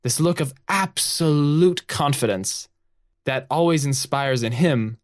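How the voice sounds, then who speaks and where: Slow-talking man narrating an improvised story. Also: on the high side. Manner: laughs often, relaxed and unhurried. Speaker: storytelling podcast co-host.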